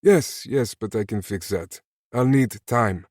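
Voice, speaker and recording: A man's voice: lowish voice, unhurried, a little mellow, no room sound, pitched above the performer's own voice. A fussy, kindly old jeweler, put on by a male audiobook narrator, speaking in clipped, broken English with a thick accent. The voice sits well above the narrator's own, set in a dry, close recording. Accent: thick foreign accent.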